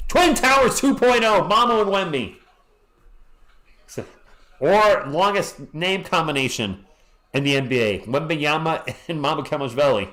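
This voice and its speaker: A hoarse man hosting a live stream, calling a game play by play in a casual way and greeting chat viewers between plays. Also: mid-range voice, fairly bright tone. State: hoarse, losing his voice. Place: home at night.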